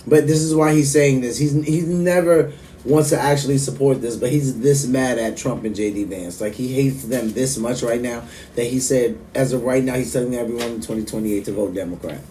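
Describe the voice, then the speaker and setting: A man's voice: mid-range voice, brisk, mellow, recorded from a distance, slight background noise. Incredulous man reacting. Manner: incredulous, casual. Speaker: host. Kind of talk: casual reaction commentary.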